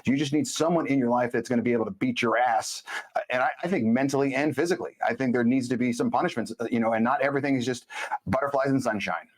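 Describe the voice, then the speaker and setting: A man as a podcast guest, speaking bluntly and emphatically in casual conversation, telling stories with quick asides. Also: medium pitch.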